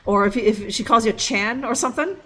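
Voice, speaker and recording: A woman's voice: on the high side, a little fast, slight background noise. A young woman streaming a game live, joking and rambling with lots of fillers. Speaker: livestream gamer. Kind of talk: casual live gameplay commentary.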